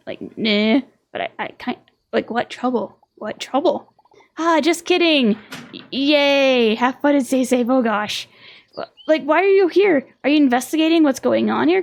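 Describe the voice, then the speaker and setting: Young female streamer, bit high-pitched, gravelly fry, chatty and laughing, casual let's-play. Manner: chatty, laughing often, reading game dialogue aloud.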